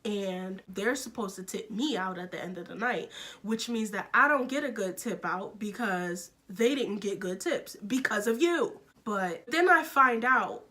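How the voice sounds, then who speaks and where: Young woman, storytime vlog, bright forceful voice, frank, exasperated, quick bursts. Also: mid-range voice. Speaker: vlogger.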